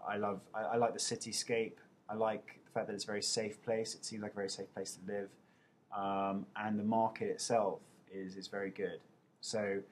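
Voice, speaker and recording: A man's voice: fairly low pitch, a little hiss or hum. A young man with an English accent, casually answering viewers' questions over a webcam, chatty and poking fun at himself. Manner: chatty, self-mocking, playful.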